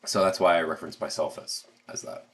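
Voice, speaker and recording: A man's voice: a bass voice, steady tone, fast, fairly bright tone, slight background noise. A man with an American accent hosting a casual livestream, rambling with lots of fillers and restarts. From United States. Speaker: livestream host.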